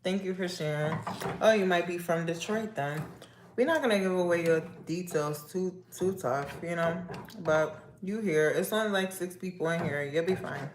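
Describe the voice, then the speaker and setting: A woman hosting a casual livestream, talking slowly and repeating herself as she confides in viewers and asks them nosy questions. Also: fairly low pitch. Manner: slow, repetitive, confiding and nosy. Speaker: livestream host. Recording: echoey room with faint noise.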